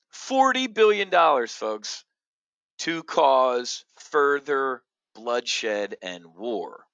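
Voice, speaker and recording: A man hosting an opinionated market commentary show, blunt and combative, jumping from loud outbursts to low muttering. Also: sing-song, extremely slow, vocal fry, no room sound, lo-fi sound. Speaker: options trading show host.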